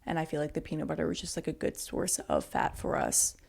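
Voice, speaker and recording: Young woman, low voice, gravelly fry, casual podcast chat, lots of fillers, giggly. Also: huge pitch swings, fast talker, a little mellow. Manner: chatty, many "like" fillers, giggly. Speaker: podcast co-host.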